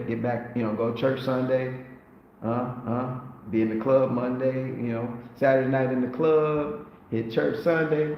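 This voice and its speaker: A man's voice: medium pitch, a little hiss or hum. Playful man on an echoey livestream. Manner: animated, playful, preachy motivational talk with put-on voices. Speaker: livestream host. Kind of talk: casual livestream monologue. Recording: very echoey, dull lo-fi sound with faint ambience.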